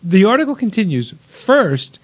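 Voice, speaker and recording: A man's voice: sits high, very animated, moderate pace, breathy edge. A man hosting a casual chat show, reading out wine news with wry jokes and frequent laughter. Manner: wry, joking, laughs often. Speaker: host.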